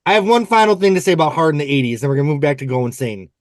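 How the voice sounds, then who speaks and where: Male podcast host, slightly high voice, playful, rambles into tangents, dry close sound. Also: lively intonation, racing, no room sound. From United States. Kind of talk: casual chat about music.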